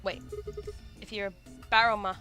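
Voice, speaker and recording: Excitable Australian woman streaming a game. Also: mid-range voice, normal speed. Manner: chatty, excitable, swears freely. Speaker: gaming streamer. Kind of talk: casual let's-play commentary. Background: game music.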